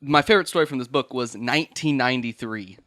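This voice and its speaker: A man's voice: medium pitch, fast talker, fairly bright tone. A man hosting a podcast, telling a story casually, rambling and laughing, swearing and acting out voices. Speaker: podcast host.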